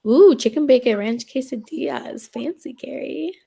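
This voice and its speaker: A woman's voice: sits high, normal speed, creaky, mellow, breathy edge. A woman co-hosting a casual livestream on a video call, greeting viewers by name and reacting to their comments. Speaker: livestream co-host reading viewer chat.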